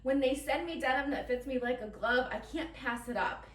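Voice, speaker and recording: A woman's voice: sits high, normal speed, reverberant, far from the mic. A woman chatting casually and giggling through a try-on haul, talking straight to her viewers. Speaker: fashion vlogger.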